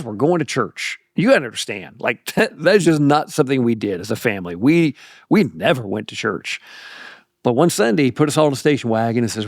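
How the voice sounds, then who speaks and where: A middle-aged pastor telling a personal story in a folksy, animated way on a podcast. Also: male voice, mid-range voice, no room sound, studio quality. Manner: animated, folksy, laughs through anecdotes. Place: podcast studio.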